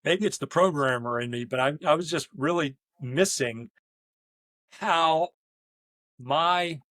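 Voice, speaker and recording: A man's voice: a little high, takes it slowly, a bit bright, no echo. A man, a leadership coach and business owner, talking in a candid conversational way, rambling through stories with many restarts and quoted asides.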